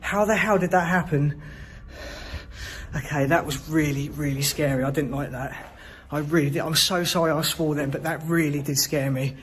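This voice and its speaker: A man's voice: on the high side, little pitch movement, brisk, hardly any pauses, a little hiss or hum. A man exploring an abandoned building alone at night, whispering his fear and swearing often into a handheld camera. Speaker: solo paranormal explorer.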